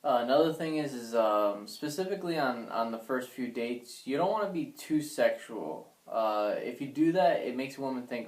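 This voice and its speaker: A young man giving dating advice in a measured way, with many ums and uhs. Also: mid-range voice, lively intonation. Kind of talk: casual advice talk. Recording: echoey room.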